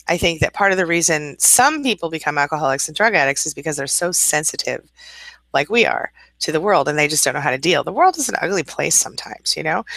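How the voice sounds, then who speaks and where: A woman's voice: low-pitched, bright, forceful tone, no echo, low-quality recording. A middle-aged woman hosting a live-stream chat as a coach, greeting viewers by name and calling them honey. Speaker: host and coach.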